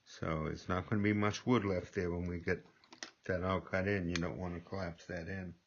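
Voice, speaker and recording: An older man demonstrating gunsmithing in a workshop, talking slowly and rambling, repeating himself as he works. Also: low-pitched, little pitch movement, a little hiss or hum. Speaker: gunsmithing instructor. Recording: dull lo-fi audio.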